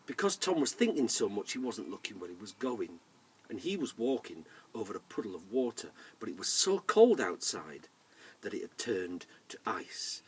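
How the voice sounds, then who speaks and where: A man telling a folk tale to children in a lively way, inviting the listeners to join in. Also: on the low side, moderate pace, slightly rough, recorded from a distance. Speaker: storyteller. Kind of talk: oral storytelling for children.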